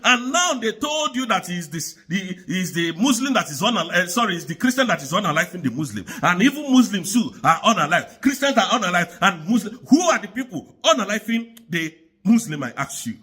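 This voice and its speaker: A man's voice: high voice, big pitch swings, fairly quick, pushed and bright, husky. A man from Nigeria delivering an angry, insistent political rant to the camera, repeating his points. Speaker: political commentator.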